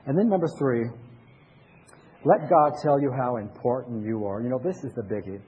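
An older man, a pastor with grandchildren, giving a conversational sermon full of pauses and restarts. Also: medium pitch, husky, dull audio.

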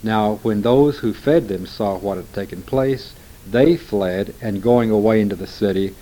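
A man reading scripture aloud in a steady, measured way. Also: on the low side, rough recording. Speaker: scripture reader.

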